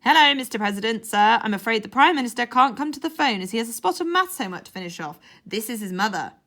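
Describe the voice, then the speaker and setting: A chatty, homely mum in her late forties, breezy and gossipy, happy to natter on, as a woman reader voices her. Her voice sits high and bright. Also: animated, quick pace. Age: 40s.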